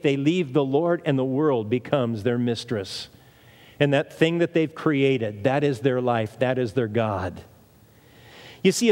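A man's voice: a little high, darkish tone. A man preaching a sermon in an emphatic way, repeating phrases and asking rhetorical questions. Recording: long reverb of a large hall.

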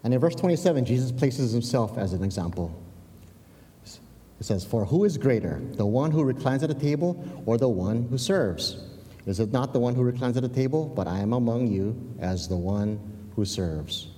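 A man's voice: medium pitch, animated, normal speed, warm tone, big-room sound. A man preaching a sermon in a conversational way, often restarting words and checking in with "yeah?". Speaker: pastor.

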